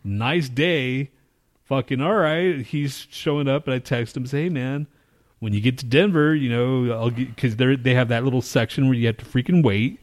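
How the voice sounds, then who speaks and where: Casual male podcast co-host, mid pitch, loose and profane, rambling storyteller. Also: normal speed. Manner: profane, rambling storyteller who acts out his own reactions.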